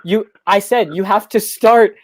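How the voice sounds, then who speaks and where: An eager young man with a high voice talks in quick, run-on sentences, chatting as a guest on a live stream. The sound is dry and close, with no room around it. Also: no room sound. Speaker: guest musician. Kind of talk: casual chat on a live stream.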